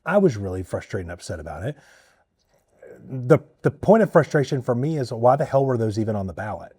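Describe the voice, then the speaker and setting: A man serving as a state party chair, talking candidly and bluntly in a political interview, with a husky voice. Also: mid-range voice, sing-song, brisk, a little mellow, no echo, studio quality. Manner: candid, blunt, mildly profane.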